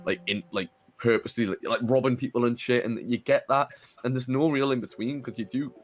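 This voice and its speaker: A man's voice: medium pitch, fairly even intonation, brisk, soft background music. Sweary chatty young man. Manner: sweary, chatty, laughs while telling stories. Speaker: podcast host. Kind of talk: casual chat.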